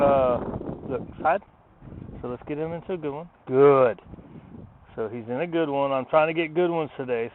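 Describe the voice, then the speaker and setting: A man training his dog outdoors, talking himself through it in a relaxed way between short commands to the dog. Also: fairly high pitch. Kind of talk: casual training explanation. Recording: tinny phone-like, noisy outdoors.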